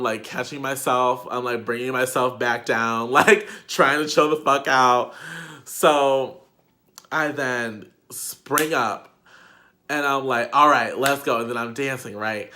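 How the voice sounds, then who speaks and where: A man's voice: medium pitch, fairly even intonation, unhurried, bright, forceful tone. A young man vlogger telling a casual storytime, chatty and profane, with lots of "like" fillers.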